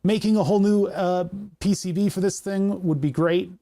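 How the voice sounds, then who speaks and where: Male streamer, a touch high-pitched; loose, jokey think-aloud patter over hobby electronics work. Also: steady tone, moderate pace, warm tone. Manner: rambling, jokey, thinks aloud through technical steps. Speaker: live streamer building electronics. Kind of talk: casual live-stream chat while working.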